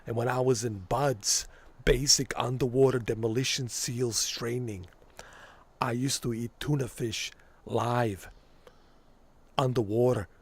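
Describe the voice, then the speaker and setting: A man doing an impression of a boastful older ex-commando celebrity, talking in a slow, self-important drawl. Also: mid-range voice, fairly even intonation, breathy edge.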